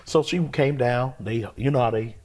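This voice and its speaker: A man, a pastor and guest, telling a personal testimony in an interview, colloquial and expressive, acting out what he said to himself. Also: mid-range voice, moderate pace. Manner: expressive, colloquial storyteller who acts out his own inner voice.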